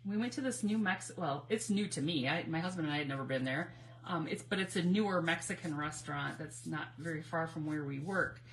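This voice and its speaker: A woman's voice: low voice, fairly quick, a little hiss or hum, low-quality recording. A woman hosting a live crafting stream, chatting in a rambling way, greeting viewers by name and laughing often. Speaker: crafting livestream host. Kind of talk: casual chat while crafting live.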